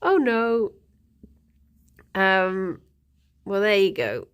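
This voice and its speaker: A young woman streaming, telling a story in a casual, giggly, animated way. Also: medium pitch, very slow, smooth. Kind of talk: casual chat.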